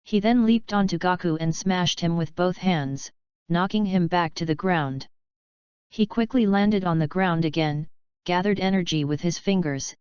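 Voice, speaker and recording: Woman reading a story, lower voice. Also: darkish tone, clear, resonant tone, dry recording. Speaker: audiobook narrator. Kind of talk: reading a fanfiction audiobook. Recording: slightly dull, lo-fi dry sound.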